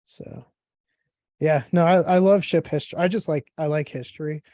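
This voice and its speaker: A man hosting a casual interview, talking in a relaxed, rambling way with lots of fillers. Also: fairly high pitch, moderate pace, dry recording. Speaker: podcast host.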